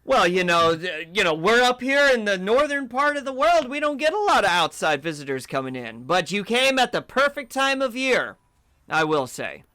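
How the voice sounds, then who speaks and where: A man's voice: high-pitched, sing-song, normal speed, bright, forceful tone, no room sound, voice pushed up, heavily acted. A man voicing a cheerful, festive elven snack-cart vendor who talks in a chatty, folksy way and calls people dearie. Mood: jolly, welcoming.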